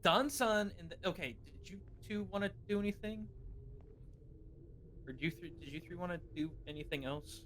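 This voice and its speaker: A man's voice: high-pitched, moderate pace, fairly bright tone, slight background noise. A man chatting eagerly as a player in a tabletop role-playing game. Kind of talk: casual tabletop game chat.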